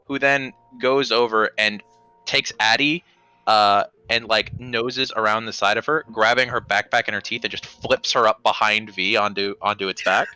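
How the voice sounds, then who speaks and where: A man's voice: fairly low pitch, fairly even intonation, moderate pace, sharp tone, clear, resonant tone, no room sound, faint music behind, rough recording. A man narrating as dungeon master of a tabletop game, describing scenes with frequent ums and restarts. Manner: descriptive, hesitant with many ums.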